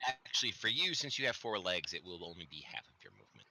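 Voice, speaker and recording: A man running a tabletop game as dungeon master, joking with his players between rulings. His voice sits a bit low. His tone is sharp and bright. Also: sing-song, fast.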